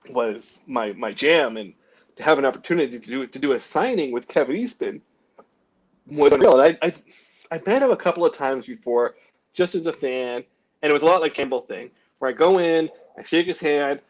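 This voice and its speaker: A man's voice: mid-range voice, muffled recording. A man, a comic book artist, telling self-deprecating stories in a casual interview, acting out what others said and laughing at himself. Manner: animated anecdotes with lots of "like" and acted-out quotes; self-deprecating, frequent laughs and small coughs.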